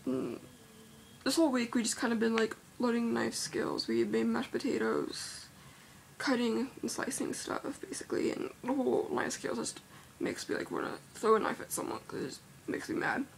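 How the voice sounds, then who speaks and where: A woman's voice: fairly high pitch, steady tone, moderate pace, vocal fry, a little hiss or hum. A seventeen-year-old girl chatting casually in a vlog, rambling and filling her speech with "like", sounding worried and unsure. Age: teens. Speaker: vlogger.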